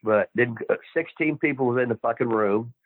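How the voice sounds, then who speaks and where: An older man, a former wrestler guest on a podcast, talking in a blunt, profane, gruff way. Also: mid-range voice, brisk, no echo. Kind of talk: casual interview. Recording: tinny dry phone line.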